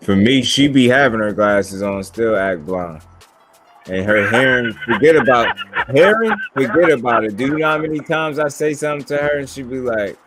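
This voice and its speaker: A man's voice: medium pitch, expressive, normal speed, a bit bright, soft background music. A young man co-hosting a casual talk show, telling loose, slangy stories full of profanity. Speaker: podcast co-host. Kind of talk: casual chat.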